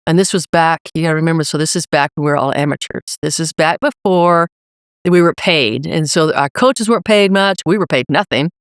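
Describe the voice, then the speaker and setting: Middle-aged woman coach, punchy motivational talk, smooth voice, dry sound. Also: low-pitched, fairly quick, no room sound. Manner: emphatic, energetic motivational speaker. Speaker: leadership coach and guest. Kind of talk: podcast interview.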